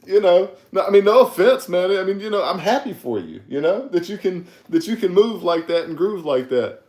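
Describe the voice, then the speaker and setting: A man's voice: sits high, sing-song, brisk, a little mellow. A man co-hosting a podcast, teasing his partner and laughing often in casual chat. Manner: teasing, giggly, talks to viewers as "y'all". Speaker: podcast co-host. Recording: echoey room.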